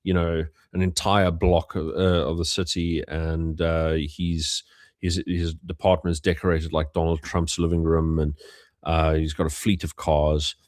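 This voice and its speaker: A man's voice: deep voice, flat delivery, a little slow, darkish tone, no room sound, studio quality. A young man from South Africa, hosting a casual livestream and telling stories with many fillers and restarts. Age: young adult. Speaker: host.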